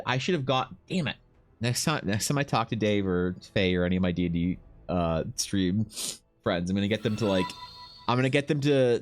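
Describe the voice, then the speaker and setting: A man streaming live as a fantasy artist, chatting casually with viewers in a rambling, profane, joking way, full of restarts. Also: lowish voice. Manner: rambling, profane, jokey storytelling with many restarts. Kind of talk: casual livestream chat. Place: home streaming setup.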